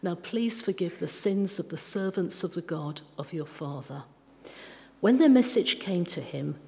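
A woman reading a Bible passage aloud in a calm, careful way during a church service. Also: fairly low pitch. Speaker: scripture reader. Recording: long reverb of a large church.

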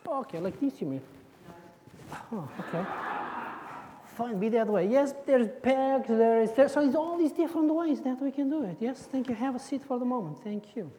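A woman's voice: fairly high pitch, dark tone, a little hiss or hum. A woman giving a playful children's sermon in church, joking and quizzing her audience. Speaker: preacher leading a children's talk. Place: church hall. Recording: echoey church hall.

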